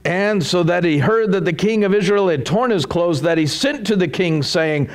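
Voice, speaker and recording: A man delivering a sermon in a notably high voice. His pitch leaps and dips constantly as he tells the story. He raises his voice to act out the story's characters. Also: moderate pace. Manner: animated, dramatic swings in pitch and loudness. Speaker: preacher.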